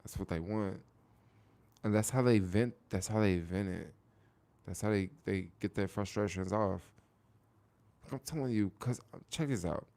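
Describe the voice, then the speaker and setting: This American livestream host has a lowish, warm voice and chats casually with viewers. He keeps repeating phrases, restarts them, and stretches words out to emphasize his points.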